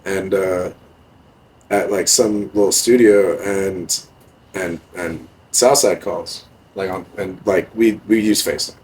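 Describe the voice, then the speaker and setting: Laid-back young man with a low voice. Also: steady tone, slow, darkish tone, rough recording. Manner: laid-back, heavy swearing, many fillers. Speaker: podcast guest, music producer. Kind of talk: casual storytelling.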